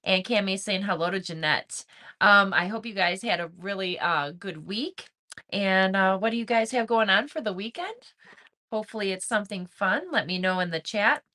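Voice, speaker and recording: Bright-voiced woman hosting a friendly livestream. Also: mid-range voice, normal speed. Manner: friendly, chatty, greets people by name. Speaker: crochet channel host. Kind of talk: livestream chat, greeting viewers and reading comments.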